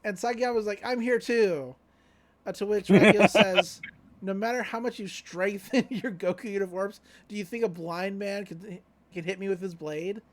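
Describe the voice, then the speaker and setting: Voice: medium pitch, steady tone, moderate pace. A podcast co-host casually retelling an anime episode, laid-back and loose with lots of fillers and offhand paraphrased quotes. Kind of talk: casual recap chat.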